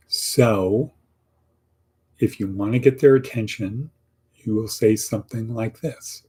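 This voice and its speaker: Middle-aged male coach, mellow and husky, casual teaching tone. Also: mid-range voice, unhurried. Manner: coaching, acts out sample answers, repeats lines for emphasis. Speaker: teacher of a career class. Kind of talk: casual online lesson.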